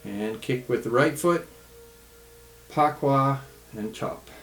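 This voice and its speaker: A man teaching tai chi in a home studio, calmly calling out the steps of a follow-along routine. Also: medium pitch. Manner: calm, relaxed, calls out steps slowly. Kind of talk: follow-along movement instruction. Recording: echoey studio room.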